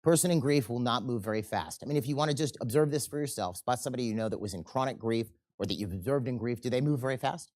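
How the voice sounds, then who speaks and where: A man teaching a seminar, animated and often checking in with the audience, and acting out quoted people in changing voices. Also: mid-range voice, fast talker, few pauses. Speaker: seminar instructor. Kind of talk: live seminar lecture.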